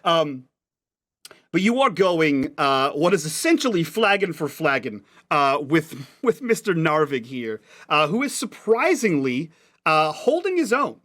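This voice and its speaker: Higher-voiced man running a tabletop game. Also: very animated, unhurried, a bit bright. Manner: rambling, many fillers and restarts, laughs often. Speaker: game master.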